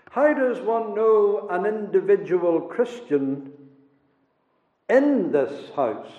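Slow, high-voiced preacher in an echoey hall. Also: male voice, lively intonation, a little mellow. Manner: slow, emphatic preaching with dramatic drops in volume. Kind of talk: sermon. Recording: roomy, echoey church hall, dull lo-fi sound.

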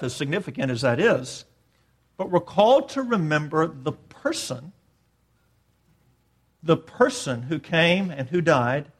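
A man preaching a sermon, emphatic, swinging between raised declarations and quiet asides. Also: sits high. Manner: emphatic preaching, rising and dropping in volume. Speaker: pastor.

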